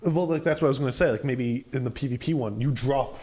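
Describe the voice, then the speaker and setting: Male co-host, fast, speculative, trailing off, casual chat. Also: mid-range voice. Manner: speculative, wondering aloud, often trailing off quietly. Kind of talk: casual gaming podcast chat.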